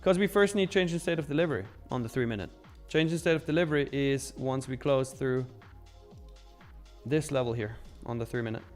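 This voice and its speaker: A man's voice: mid-range voice, fairly quick, a little mellow, faint music behind. A man hosting a live trading stream, talking casually and joking as he reads out chat messages.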